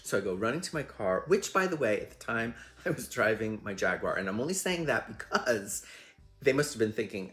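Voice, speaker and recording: Over soft background music, a host with a low, slightly bright, sing-song voice talks a little fast. He spins rambling, self-deprecating stories in a chatty, filler-heavy monologue on his own show.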